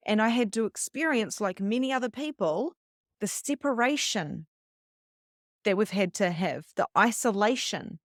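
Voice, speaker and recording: A woman's voice: on the high side, lively intonation, normal speed, no room sound. A woman of middle age talks through a wellness lesson in an earnest, chatty way. She slips into small acted-out anecdotes as she goes. Her voice sounds dry and close, with no room around it. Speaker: spiritual coach. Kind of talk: teaching a wellness session.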